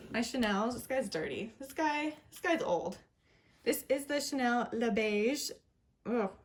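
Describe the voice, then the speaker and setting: A young woman with a slightly high voice chats casually as she reviews beauty products. She sounds upbeat and chatty, and now and then she makes small self-deprecating jokes with a little laugh. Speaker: beauty vlogger.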